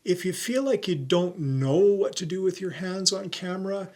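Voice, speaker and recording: A middle-aged man presenting an on-camera tutorial as a YouTube coach, talking clearly and deliberately and stressing his keywords. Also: high voice, darkish tone.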